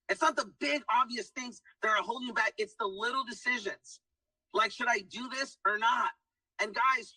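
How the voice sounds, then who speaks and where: A man's voice: very high voice, sharp tone, dry recording, far from the mic, low-quality recording. A man giving an emphatic motivational testimonial, keeps saying guys and hyping people up. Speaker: testimonial speaker. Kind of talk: motivational pitch.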